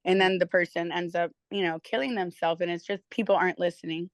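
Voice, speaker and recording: A woman physical therapist is a guest in a casual interview, telling stories candidly and animatedly and swearing freely. She speaks fast in a lowish voice with few pauses, and there's no echo.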